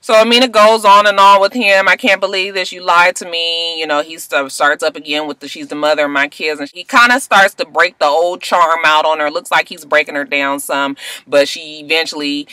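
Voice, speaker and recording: A woman's voice: low-pitched, fairly even intonation, brisk, few pauses, pushed and bright, no echo. A woman recapping a TV episode in casual commentary, blunt, sassy and full of profanity. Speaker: TV episode reviewer.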